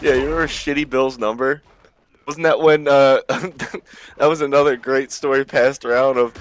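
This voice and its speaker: A man's voice: medium pitch, fairly even intonation, normal speed, slight background noise. A man co-hosting a podcast in casual chat, joking around and laughing often as he rambles. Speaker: podcast co-host.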